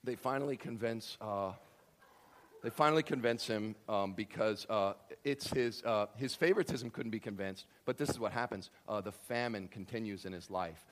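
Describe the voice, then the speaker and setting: A man preaching a sermon, telling a story with lively acted-out voices and swinging from quiet to loud. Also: lowish voice, moderate pace. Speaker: pastor.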